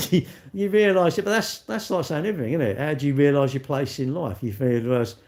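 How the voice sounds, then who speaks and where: A man's voice: fairly high pitch, a little fast, a little mellow. A man hosting a live stream, chatting in a rambling, self-mocking way and answering viewers.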